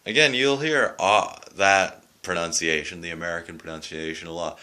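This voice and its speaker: A man with a southwestern Ontario Canadian accent hosts a loose, rambling video lesson demonstrating how words are pronounced. His low voice is expressive, pushed and bright, at a normal speed with few pauses, in a casual spoken explainer on accents.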